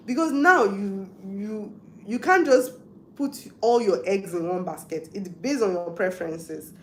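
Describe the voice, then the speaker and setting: A Nigerian woman talks casually through a live stream, answering viewer questions with frank, chatty advice. Her voice sits at an ordinary middle pitch. The sound comes across roomy and echoey. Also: a little slow, a little hiss or hum. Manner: chatty, advising viewers directly, mixing in Yoruba and pidgin. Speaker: livestream host.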